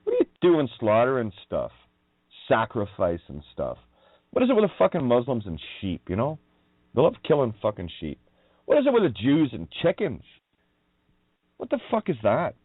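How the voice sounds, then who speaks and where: A man's voice: medium pitch, huge pitch swings, moderate pace, no echo. A man hosting a radio show, ranting in a profane, mocking monologue and laughing often. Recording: dry, tinny phone-like line.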